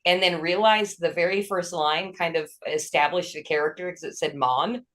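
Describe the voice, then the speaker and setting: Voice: mid-range voice, normal speed, fairly bright tone. Rambling podcast guest full of fillers. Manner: rambling, hesitant, many fillers. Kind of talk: casual podcast chat.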